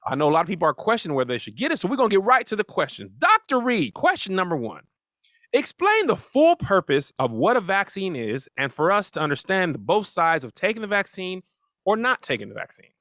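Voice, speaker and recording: A man's voice: high-pitched, wildly swooping pitch, fairly quick, fairly bright tone, dry recording, clean studio sound. Playful man hosting a talk show. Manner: playful, loose, joking. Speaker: host.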